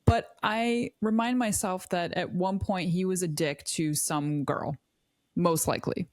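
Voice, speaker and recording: Host: middle-aged woman, very low voice, wry and reflective, dry close mic. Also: steady tone, measured pace, darkish tone, no room sound. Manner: reflective, self-correcting, wry. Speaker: podcast host. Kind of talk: casual podcast chat.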